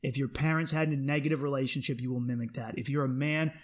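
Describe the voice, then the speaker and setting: A man's voice: mid-range voice, steady tone, fast. A man, a stand-up comic, hosting his podcast with a blunt, profane, rambling comedy monologue.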